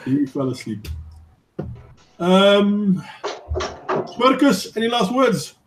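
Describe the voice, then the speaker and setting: A man's voice: high voice, big pitch swings, slow pace, music in the background. A man hosting a casual online group chat, asking each guest for last words. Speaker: host. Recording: noisy online call audio.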